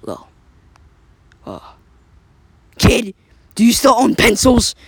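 A man's voice: very high voice, huge pitch swings, slow, gravelly, slight background noise, pitched above the performer's own voice, heavily acted. A man voicing a menacing male villain who hates pencils, speaking in a theatrical, threatening way.

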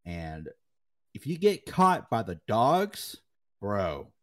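A young man co-hosting a casual gaming chat, telling animated stories and swearing freely. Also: on the low side, slow pace. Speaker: podcast co-host.

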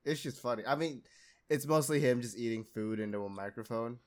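A man's voice: medium pitch, a little fast. A young man hosting a casual podcast, rambling in a laid-back way and laughing often. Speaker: podcast host.

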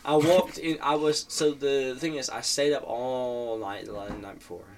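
A man's voice: mid-range voice, steady tone, unhurried, recorded from a distance, noisy background. A young man in casual chat, rambling through stories with many restarts.

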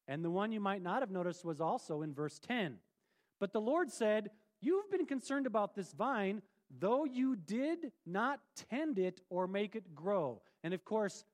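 A pastor preaching a sermon in a conversational, playful way, asking the congregation questions. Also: male voice, high voice, big pitch swings, measured pace.

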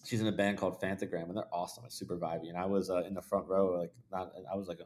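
A man with a fairly low voice tells loose, profane stories in a relaxed podcast chat. He rambles with plenty of fillers and restarts. He drops into hushed asides, then jumps into loud, excited bursts. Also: very fast, slight background noise. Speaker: podcast guest, videographer. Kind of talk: casual storytelling chat.

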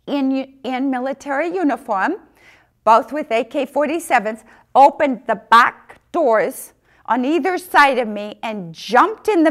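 A middle-aged woman telling a personal missionary story, acting out the dialogue with big jumps in pitch.

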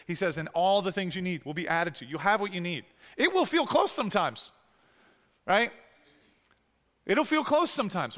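A male preacher with a high, bright voice delivers an earnest sermon. He pleads with his listeners and presses them with direct questions. His voice rings out through a reverberant church hall.

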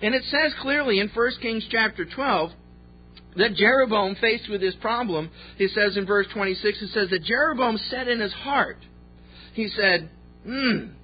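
Husky high-voiced pastor. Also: male voice, moderate pace, lo-fi sound. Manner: folksy storytelling with jokes. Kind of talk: sermon.

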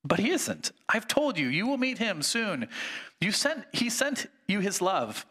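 A serene male heavenly spirit who offers gentle, patient reassurance, as a man reading in a sermon puts him on. He sounds bright and speaks a little high. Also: big pitch swings, unhurried, husky, big-room sound, full character voice.

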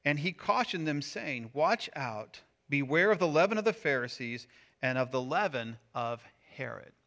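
A middle-aged man preaching a sermon as pastor, animated, swinging from loud emphasis to hushed asides. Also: mid-range voice.

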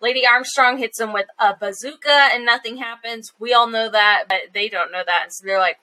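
A chatty woman co-hosting a podcast, talking through an episode with laughs and quick asides. Her voice sits a little high and sounds bright and forward. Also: fairly even intonation. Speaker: podcast co-host. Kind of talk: casual episode recap.

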